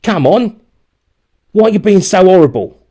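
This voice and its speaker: A man voicing a loud, rough schoolboy bully in a storybook reading. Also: high voice, lively intonation, normal speed, voice pushed up. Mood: brash. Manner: loud and brash.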